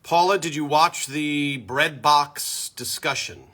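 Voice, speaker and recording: Bright-voiced chatty male live-stream host. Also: fairly high pitch, takes it slowly, hardly any pauses. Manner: chatty, loud, greets viewers one by one. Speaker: host of a live fan show. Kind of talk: casual live-stream chat greeting viewers. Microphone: built-in computer mic.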